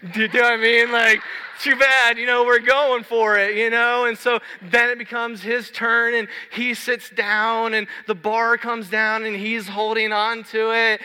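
A man in his thirties preaching a sermon in a large church hall, telling a story in a lively, conversational way. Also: very high-pitched, normal speed, hardly any pauses, clear, resonant tone. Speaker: pastor. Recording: long hall reverb.

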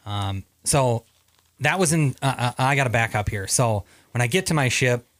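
A man's voice: medium pitch, animated, moderate pace, a bit bright, no room sound, studio quality. A man from Minnesota, a Navy veteran guest, telling stories casually with many fillers and restarts. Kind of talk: casual storytelling interview.

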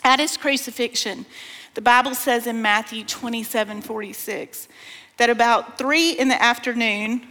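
A woman's voice: fairly high pitch, steady tone, moderate pace, pushed and bright. Woman preaching in an echoing hall. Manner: folksy, addresses the crowd as "y'all"; reads scripture aloud with feeling. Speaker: speaker at a women's conference. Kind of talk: sermon. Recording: long hall reverb.

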